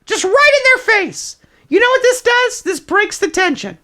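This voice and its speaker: A man's voice: extremely high pitch, very animated, moderate pace, pushed and bright, exaggerated voice. A man voicing a zany toilet paper roll puppet who gives over-the-top, mock-authoritative advice in an improvised comedy presentation. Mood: mock-serious.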